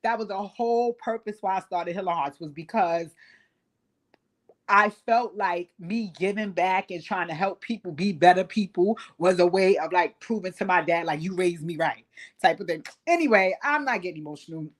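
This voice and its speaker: A woman hosting a livestream, giving a blunt, profane, animated recap of reality TV. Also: on the low side, moderate pace. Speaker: host.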